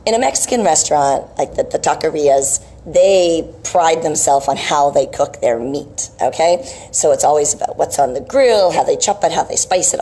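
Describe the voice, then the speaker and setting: A woman's voice: sits low, dark tone, slightly rough. A woman vlogging about health, telling a rambling story in a casual, chatty way and checking in with "right?" asides.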